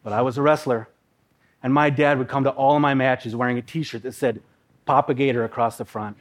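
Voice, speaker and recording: A middle-aged man from Minnesota telling a personal story in a vivid, animated way. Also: medium pitch, brisk. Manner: vivid, emotional, animated narration.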